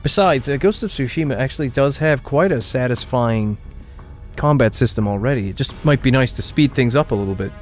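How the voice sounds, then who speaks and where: A man's voice: medium pitch, fairly quick, a little mellow, faint music behind. A man chatting casually while streaming a game, rambling and restarting his sentences. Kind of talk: casual gameplay commentary.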